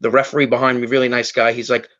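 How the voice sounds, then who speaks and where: A man's voice: medium pitch, level tone, rapid-fire, fairly bright tone, dull audio. A man guest on a podcast, telling an emotional story in a rambling way, full of fillers and restarts. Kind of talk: emotional storytelling in casual chat.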